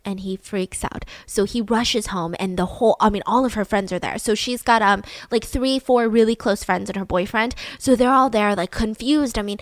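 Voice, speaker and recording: A woman's voice: medium pitch, moderate pace, hardly any pauses, no echo. A young woman co-hosting a podcast, telling a true-crime story in a casual, chatty way full of "like" and "I mean". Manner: chatty, leans on fillers like "like" and "I mean". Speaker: podcast co-host.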